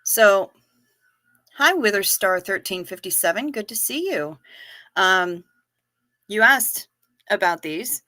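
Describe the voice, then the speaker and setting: A woman's voice: mid-range voice, expressive, slow, long pauses, bright, forceful tone, dry recording. A woman hosting a live stream, chatting casually, telling jokes and reading out viewer messages. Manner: chatty, joking, reads chat aloud.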